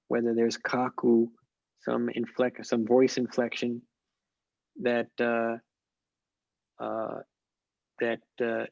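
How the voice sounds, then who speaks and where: A man speaking at a conference, answering questions in a measured, thoughtful way with frequent pauses and restarts. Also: medium pitch, gravelly, no room sound, muffled recording. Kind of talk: academic Q&A on an online call.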